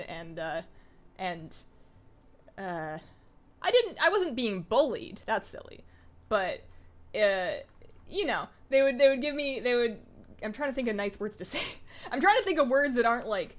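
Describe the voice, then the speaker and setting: Fast-talking Canadian woman streamer. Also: medium pitch. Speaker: game streamer. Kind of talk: casual live-stream chat while gaming.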